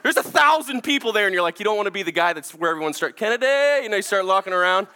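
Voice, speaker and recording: A man in his forties preaches to his congregation in a church. His voice sits high and bright. He moves from lively, self-mocking storytelling into quiet, earnest appeals. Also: very fast. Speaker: pastor. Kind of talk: storytelling sermon.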